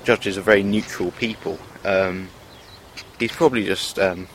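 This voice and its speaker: A man's voice: low-pitched, steady tone, unhurried, a bit bright, slight background noise. A man talking to camera in a rambling, hesitant monologue, full of fillers and restarts. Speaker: vlogger. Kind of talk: casual self-filmed monologue.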